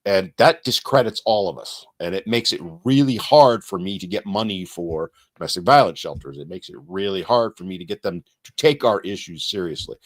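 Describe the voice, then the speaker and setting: Live-stream host, man, 60s, lowish voice, loose and chatty with asides. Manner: casual, chatty, lots of fillers and asides. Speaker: channel host and activist. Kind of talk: live-stream Q&A, reading viewer comments. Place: home studio. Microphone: streaming setup.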